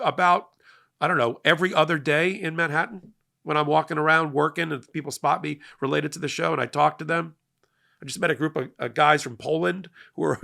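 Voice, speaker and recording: A man's voice: fairly high pitch, gravelly. A middle-aged man delivering a passionate, emphatic political monologue as host of a commentary show. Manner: emphatic, energetic, rising to loud peaks.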